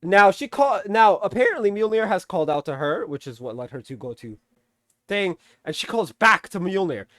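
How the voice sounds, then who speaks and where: A man talks through a film recap in a lively, sing-song voice that jumps up and down as he gets worked up. He curses freely and laughs often. His voice is fairly high for a man and sits close to the mic in a dry room. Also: moderate pace, no echo. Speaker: movie reviewer. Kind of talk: casual spoken film recap.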